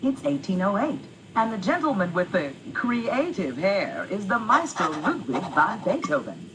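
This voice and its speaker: A woman giving scripted educational narration as the guide in a video game, with a clear, storybook-like delivery. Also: medium pitch, very animated, moderate pace, low-quality recording. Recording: game audio with background noise.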